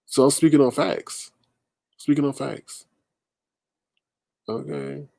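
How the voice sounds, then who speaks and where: Animated man hosting a livestream. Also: medium pitch, slow, vocal fry, dry recording. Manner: animated, emphatic, talks back to chat comments. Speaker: livestream host. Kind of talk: casual livestream commentary.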